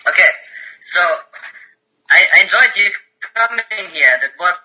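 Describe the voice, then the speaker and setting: A man with a German accent calling in with halting, hesitant comments. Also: sits high, lively intonation, sharp tone, rough recording. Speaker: caller.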